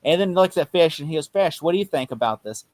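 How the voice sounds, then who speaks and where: A man's voice: a little high, animated, fast talker, darkish tone, no room sound. A man hosting a casual chat, animatedly acting out lines from scenes, with many fillers. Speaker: podcast host.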